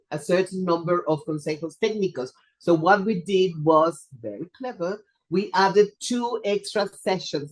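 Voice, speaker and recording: A webinar presenter for teachers, hoarse and coughing, talking casually and playfully on a video call, joking at their own expense. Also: medium pitch, poor audio. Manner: chatty, playful and self-deprecating. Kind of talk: casual online webinar wrap-up. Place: video call from a home or office. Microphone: computer mic on a video call.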